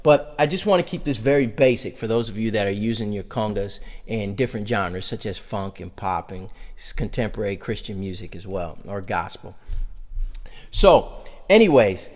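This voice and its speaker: A man's voice: lowish voice, animated, moderate pace. A man teaching a conga lesson, counting beats aloud and vocalizing drum sounds as he demonstrates. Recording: reverberant room with loud congas.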